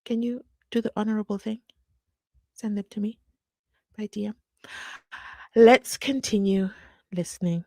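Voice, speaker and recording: A woman commenting on a court case, indignant and sarcastic, dropping to whispers and then flaring up. Her voice sits at a middle pitch, recorded dry and close. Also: a little slow, long pauses, warm tone, dry recording. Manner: indignant, sarcastic, shifts between whispers and outbursts. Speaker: true crime commentator. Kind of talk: animated court recap commentary.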